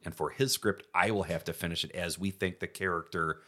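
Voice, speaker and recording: Deep-voiced joking male podcast co-host. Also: steady tone, fairly quick, pushed and bright. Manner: joking, self-deprecating. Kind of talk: casual podcast chat.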